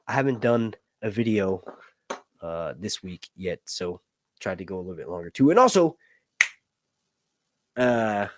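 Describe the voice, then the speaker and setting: A man's voice: mid-range voice, slight background noise. A man hosting a casual live stream, rambling and self-deprecating as he thinks aloud. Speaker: channel host.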